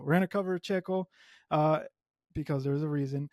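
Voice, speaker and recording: A man hosting a solo motorsport podcast, a native Spanish speaker talking in English, animated and emphatic with strong opinions. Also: a little high, normal speed, no room sound, clean studio sound. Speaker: podcast host.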